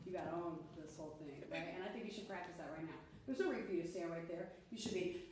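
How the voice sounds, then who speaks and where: A woman's voice: fairly low pitch, quick pace, crowd noise. A woman vocal coach coaching a singer, playful and teasing but encouraging, sometimes singing lines to show how. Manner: breaks into sung demonstrations. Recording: echoey room, mic far off, faint noise.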